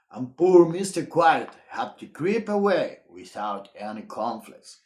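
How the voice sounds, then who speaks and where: A man reading a children's picture book aloud in a playful, expressive storytime style. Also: medium pitch, unhurried, few pauses. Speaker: storytime reader.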